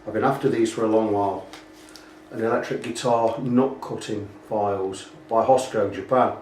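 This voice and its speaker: A man's voice: lowish voice, fairly even intonation, normal speed, darkish tone, a little hiss or hum. A British man talking casually through a guitar repair, rambling and pointing out faults as he goes. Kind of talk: casual workshop walkthrough. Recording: echoey room, mic at a distance.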